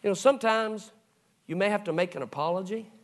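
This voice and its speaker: A middle-aged male pastor preaching a sermon, telling stories and acting out the voices of the people in them, dropping soft and low for the tender moments. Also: brisk. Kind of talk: sermon storytelling.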